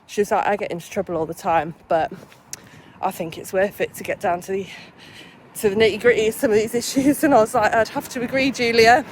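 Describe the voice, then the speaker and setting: A woman's voice: medium pitch, fast talker, a little hiss or hum. Chatty woman vlogger from England. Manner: chatty, swears freely, animated retelling. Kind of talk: casual vlog chat.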